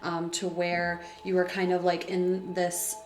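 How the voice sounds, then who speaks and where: A woman's voice: lowish voice, completely flat delivery, measured pace, roomy sound, slight background noise. A woman giving a casual, chatty tarot reading at home, full of fillers and emotion. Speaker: tarot reader. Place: room at home by a window.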